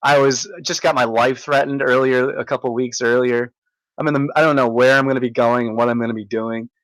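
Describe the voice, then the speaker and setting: A man telling a rambling, excitable story in a casual vlog, stumbling over restarts and fillers as he marvels at things. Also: medium pitch, dry recording, low-quality recording. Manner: halting, many restarts and fillers. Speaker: vlogger recounting a visit.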